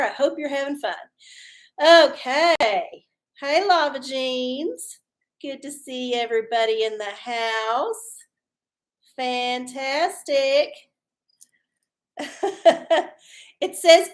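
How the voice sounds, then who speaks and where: A woman hosting a live stream, chatting in a folksy, rambling way and swearing freely. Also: sits high. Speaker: livestream host doing oracle readings. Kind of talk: casual live-stream chat.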